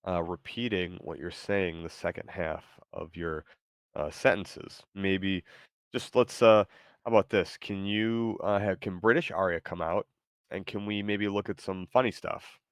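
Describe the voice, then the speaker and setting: A man with a low, deep voice hosts a casual chat with an AI. He talks in an easygoing, tentative way, often pausing mid-thought. The sound is dry and close. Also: steady tone, smooth, dry recording. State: tired, yawning. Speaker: show host.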